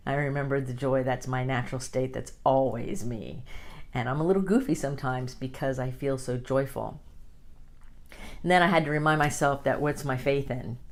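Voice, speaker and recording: Woman, low voice, podcast host, gentle, encouraging, unhurried. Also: vocal fry. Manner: gentle, encouraging, slow and deliberate at times. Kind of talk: inspirational podcast talk.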